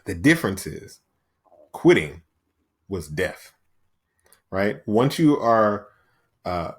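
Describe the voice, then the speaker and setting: A man's voice: fairly low pitch, very animated, slow pace. A young man hosting a podcast, delivering an emphatic motivational monologue, often asking "right?" and acting out inner voices. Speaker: podcast host.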